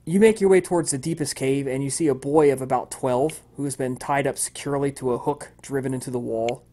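A man's voice: medium pitch, steady tone, fairly quick, dark tone. A man narrating as game master of a tabletop role-playing game, with frequent ums and uhs.

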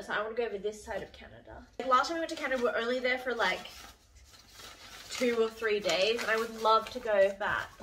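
A woman, chatting softly in a home vlog, reading fan mail, a little emotional with a runny nose, with sudden bursts of excitement. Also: on the high side. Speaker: vlogger. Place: home studio, indoors. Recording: distant mic, faint background noise.

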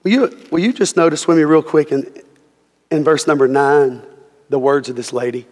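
A man's voice: fairly high pitch, very animated, fairly quick. A male pastor delivering an impassioned sermon, often repeating "listen to me" as he builds up. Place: church sanctuary. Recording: reverberant church hall with music.

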